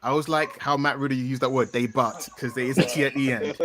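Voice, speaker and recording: A British man in his thirties, a guest on a podcast, joking loudly and playfully. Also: mid-range voice, fairly even intonation, quick pace. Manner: playful, loud, jokey.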